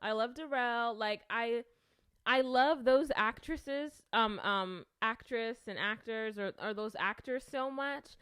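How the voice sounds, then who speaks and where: Chatty young woman, clear smooth voice. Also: a little high, takes it slowly, fairly bright tone, no room sound. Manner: chatty, filler-heavy, self-conscious, restarts often. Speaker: video creator. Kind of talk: casual rambling commentary.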